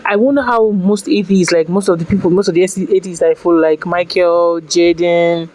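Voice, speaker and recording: A Nigerian woman guest on a podcast, telling a personal story in casual, animated talk, slipping into pidgin phrases and often restarting her sentences. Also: on the low side, normal speed, rough recording.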